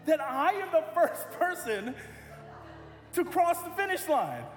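Male pastor, high voice, animated sermon storytelling; large roomy hall with long reverb. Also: measured pace. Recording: echoey hall with music.

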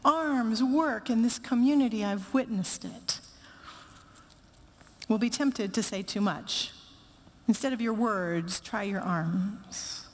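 High-voiced woman preaching in a reverberant hall. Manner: storytelling, acts out quoted family voices, slows to soft hushed emphasis. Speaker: pastor. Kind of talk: sermon. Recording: echoey hall with long reverb.

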